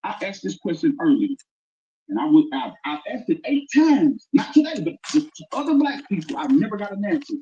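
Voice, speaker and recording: A man ranting loudly and arguing on a livestream, talking over the others in heated debate. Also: high voice, wildly swooping pitch, brisk, a little hiss or hum. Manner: loud, ranting, argumentative. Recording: dull lo-fi stream audio.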